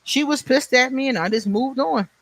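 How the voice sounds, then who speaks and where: A man's voice: extremely high pitch, normal speed, a bit bright, no echo. Blunt, laughing man in his forties. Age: 40s. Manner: blunt, profane storytelling with frequent laughs; answers viewer comments by name. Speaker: livestream host. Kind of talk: casual livestream chat.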